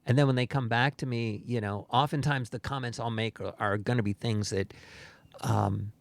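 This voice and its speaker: A man's voice: medium pitch, steady tone, moderate pace, vocal fry, no room sound. A man co-hosting a podcast, talking in a casual, reflective and playful way. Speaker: podcast co-host. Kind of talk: casual chat.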